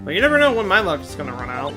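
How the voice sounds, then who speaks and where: A man's voice: a little high, big pitch swings, very fast, over music. A man voicing a young male defense attorney in a video game, who sounds reassuring but jittery.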